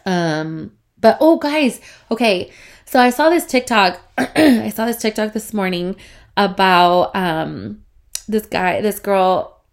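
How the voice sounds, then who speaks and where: This solo podcast features a woman around thirty whose mid-range voice is expressive and unhurried but clearly congested, forcing her to breathe through her mouth. She rambles casually, swearing and chatting as she goes.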